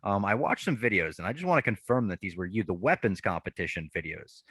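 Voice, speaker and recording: Male podcast host, lowish pitch, dry close sound, casual and enthusiastic. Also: lively intonation, quick pace, fairly bright tone, husky, no room sound. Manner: enthusiastic, chatty, lots of "like". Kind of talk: casual interview.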